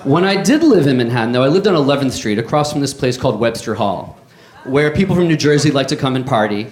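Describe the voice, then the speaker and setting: A man, doing a deadpan stand-up comedy set on a club stage into a handheld mic. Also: medium pitch, fast talker. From New York. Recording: echoey club with crowd. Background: audience laughter.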